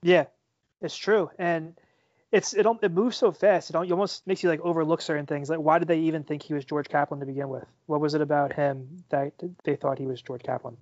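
A young man guesting on a casual movie podcast, relaxed and brief in his replies. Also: fairly high pitch, a little fast, no room sound. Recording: dry, slightly dull podcast audio.

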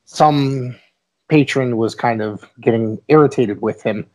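A man hosting a wrestling podcast, talking in a relaxed and agreeable way with frequent fillers. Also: mid-range voice, measured pace. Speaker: podcast host. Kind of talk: casual podcast chat.

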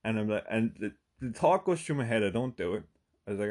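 A man's voice: medium pitch, very animated, a little fast. Profane Irish man telling a story. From Ireland. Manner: profane, with sudden bursts of emphasis; chatty, with frequent "right?" asides. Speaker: podcast host. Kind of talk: comic storytelling monologue.

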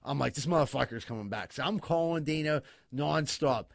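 A man telling a wild story in casual podcast chat, cursing often, laughing and talking excitedly. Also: a little high, fairly quick, creaky, no room sound. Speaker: podcast co-host.

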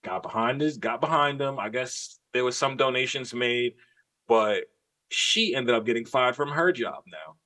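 Male podcast co-host, mid-pitch, profane emphatic storyteller, casual chat. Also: expressive, moderate pace, pushed and bright.

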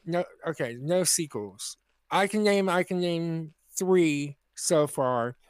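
A man's voice: a little high, slow pace, smooth, no echo. Insistent man in crude podcast banter. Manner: argumentative, insistent. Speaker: podcast co-host.

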